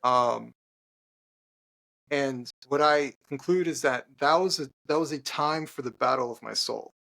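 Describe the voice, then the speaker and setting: This podcast guest, a male author, has a mid-range voice that's gravelly and a bit bright. Speaking conversationally, he tells a heartfelt personal story with halting restarts and fillers.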